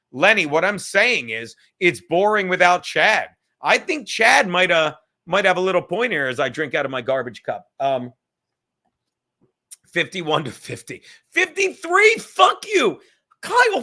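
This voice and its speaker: Homem animado de voz aguda e brilhante. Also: male voice, high voice, gravelly. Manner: loud, rambling, profane, jumps between topics. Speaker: live stream host. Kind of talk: casual live stream rant.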